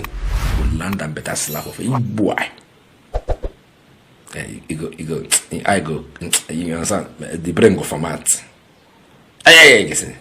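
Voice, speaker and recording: Animated deep-voiced Nigerian man ranting. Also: moderate pace, pauses often, slight background noise. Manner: mocking and incredulous, switching into Pidgin, repeating words. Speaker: political commentator. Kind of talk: ranting political commentary.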